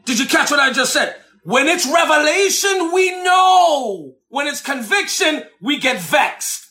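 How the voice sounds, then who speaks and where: A man preaching a sermon, emphatic and animated, swinging between shouted lines and slow, drawn-out low phrases, repeating lines for effect.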